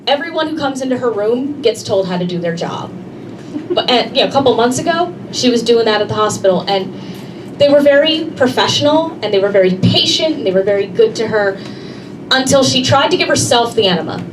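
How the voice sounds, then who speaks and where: Brash woman comic working the room, voice sits a little high, mic set back, noisy club around her. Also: expressive, brisk, recorded from a distance. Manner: brash, conversational, addresses the audience directly. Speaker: stand-up comedian. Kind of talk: stand-up comedy set. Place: comedy club stage.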